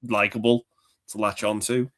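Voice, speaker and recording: A man's voice: lowish voice, level tone, moderate pace, a bit bright. A man co-hosting a casual movie chat, enthusiastic, swearing often and slipping into quoted lines. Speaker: podcast co-host.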